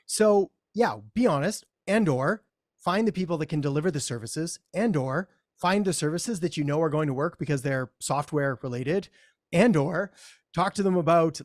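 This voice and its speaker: A man's voice: on the high side, normal speed, no echo. Thoughtful man with a dry close mic. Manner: thoughtful, hesitant, with restarts. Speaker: workshop host. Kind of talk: casual webinar discussion.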